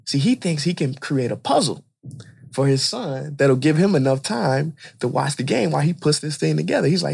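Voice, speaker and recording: A man who is an inspirational speaker, a guest on a podcast, telling a story in animated conversation and repeating phrases for emphasis. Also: on the high side, moderate pace, creaky, breathy edge.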